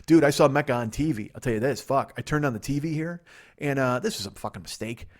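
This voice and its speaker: A male comedian rambles through a solo podcast monologue at a rapid clip. He is profane and sardonic, and his pitch sits in a middling range. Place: guest room in a friend's house.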